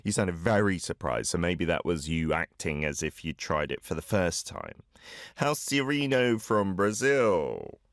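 A man hosting a Korean language show, playing listener clips and gently correcting their pronunciation. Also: low-pitched, very animated, no room sound, studio quality. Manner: encouraging, explains pronunciation slowly. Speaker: host of a Korean learning show. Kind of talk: friendly radio-style language lesson chat.

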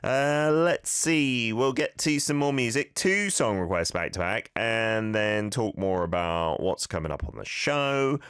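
A male radio host giving listeners patient, explanatory pronunciation tips in a relaxed on-air manner. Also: on the low side, measured pace, hardly any pauses, clear, resonant tone, no room sound, studio quality. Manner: patient, explanatory, gently corrective.

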